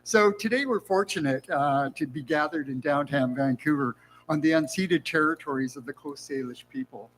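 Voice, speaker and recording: A university dean giving formal welcome remarks on a conference stage, speaking through a sore mouth after dental surgery, warm with light humor. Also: male voice, on the high side, normal speed, a little hiss or hum, low-quality recording.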